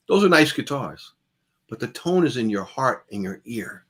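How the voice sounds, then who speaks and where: At a moderate pace and in a mid-range voice, a man conducts a conversational, relaxed guitar master class. He says things more than once to underline them, swinging from loud to soft.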